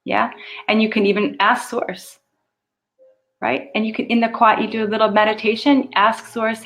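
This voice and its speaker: A woman's voice: on the high side, little pitch movement, normal speed, fairly bright tone. A woman hosting a live stream of spiritual guidance, answering viewer questions in a casual, chatty way with laughs and the odd swear word. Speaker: spiritual channeler and host.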